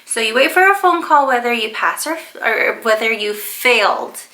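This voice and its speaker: Bright-voiced chatty young woman vlogging. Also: on the high side, lively intonation, moderate pace. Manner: rambling, chatty, with frequent fillers. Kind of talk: casual storytelling vlog.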